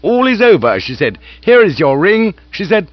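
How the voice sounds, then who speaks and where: A man voicing a soppy, romantic young woman in a high, dramatic voice. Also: sing-song, moderate pace, no echo, lo-fi sound. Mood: soulful.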